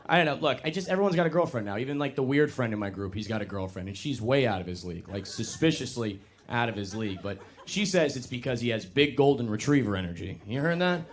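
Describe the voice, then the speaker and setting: A man's voice: expressive, quick pace, hardly any pauses. Young man doing a stand-up set. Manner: casual, self-deprecating, jumps into high mocking voices. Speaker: stand-up comedian. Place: comedy club stage before a live audience.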